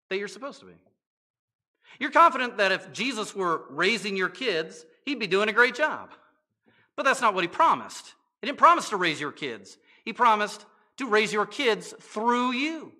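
A male pastor preaches to his church congregation in a high, bright, forceful voice. He keeps it conversational, tossing in rhetorical questions and playful asides.

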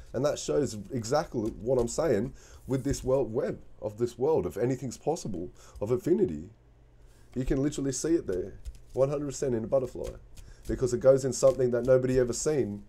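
A man's voice: medium pitch, warm tone, slightly rough. A man giving a casual spoken tarot reading, earnest and encouraging, repeating himself and restarting phrases. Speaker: tarot reader.

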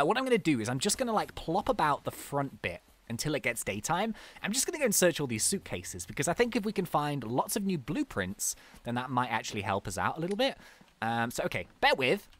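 A man giving excitable, chatty commentary while playing a video game, often laughing and exclaiming. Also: a little high, a little fast. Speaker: gaming video host. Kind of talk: casual let's-play commentary.

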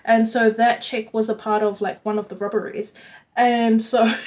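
A young adult woman telling a story to her vlog audience in a chatty, animated way, filling her talk with "like.". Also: fairly high pitch, unhurried. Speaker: vlogger. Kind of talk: casual storytime.

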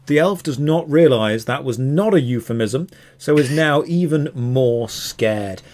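A man's voice: medium pitch, lively intonation, unhurried, darkish tone. A man narrating a tabletop game as dungeon master, playful and teasing.

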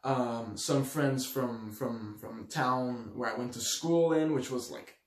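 A young man from Switzerland telling a story to his audience in a slangy, animated way, acting out the quotes loudly. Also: medium pitch, slow. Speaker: vlogger. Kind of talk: storytelling to camera. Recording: echoey room.

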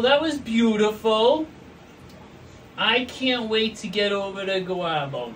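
A man's voice: high voice, a bit bright, far from the mic, a little hiss or hum, low-quality recording. A man hosting a casual painting vlog, rambling goofily and talking straight to his viewers. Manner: goofy, rambling, talks to viewers. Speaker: host painting pots. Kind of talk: casual chat while painting. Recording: voice from away from the mic.

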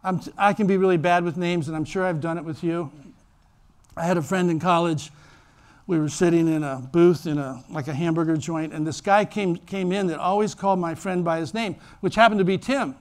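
A man's voice: fairly high pitch, a little fast, clean tone. A man preaching a sermon in church as pastor, telling stories animatedly and acting out voices. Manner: animated storytelling, acts out voices.

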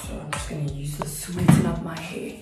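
A young South African woman, a YouTuber, vlogs casually at home while getting ready, talking to her phone on a tripod. Her hoarse, half-gone voice sits low with fairly even intonation, moving fairly quickly as she rambles and corrects herself with little laughs over loud music.

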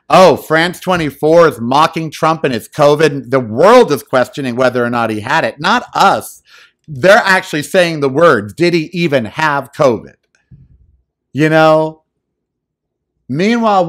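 Animated, theatrical man talking at home. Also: fairly high pitch. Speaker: podcast host. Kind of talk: casual monologue. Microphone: studio microphone.

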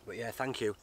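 A man's voice: lowish voice, a bit bright, slightly rough, no room sound. A man vlogging outdoors in the woods, chatty and heartfelt, often calling the viewer mate. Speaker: bushcraft vlogger. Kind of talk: casual outdoor vlog.

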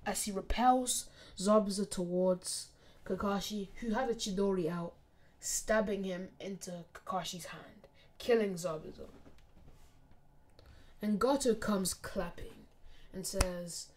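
A woman reading out a fan fiction story in plain, steady narration with casual asides. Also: medium pitch, takes it slowly.

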